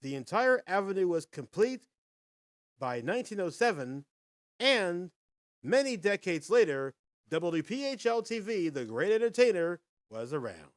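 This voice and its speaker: Lively, animated male podcast host. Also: sits high, a little slow, dry recording, clean studio sound. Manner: animated, folksy, addresses viewers directly. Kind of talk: casual live-stream chat and quiz.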